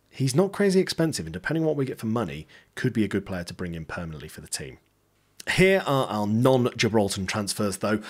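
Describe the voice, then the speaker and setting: A man giving upbeat, chatty commentary over a football management game, with jokey asides. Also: fairly low pitch. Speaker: gaming YouTuber.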